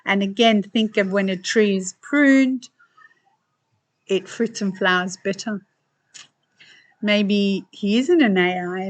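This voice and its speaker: A woman talks through an astrology reading at an unhurried, drawn-out pace, her voice sitting in an ordinary middle pitch. She keeps it casual and chatty, tossing teasing asides at her viewers and laughing often. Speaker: astrology reader.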